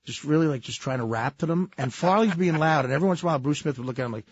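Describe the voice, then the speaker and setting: A man telling casual, animated anecdotes, often breaking into laughter as he talks. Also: fairly high pitch, very fast, husky, no echo. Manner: animated, laughing storyteller, full of fillers. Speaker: storyteller, guest. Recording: dull lo-fi sound.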